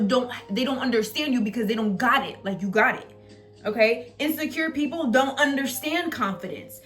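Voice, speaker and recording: Ranting woman vlogger, casual and blunt. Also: fairly high pitch. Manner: animated and ranting, swearing, laughing at herself. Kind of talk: casual chat to camera.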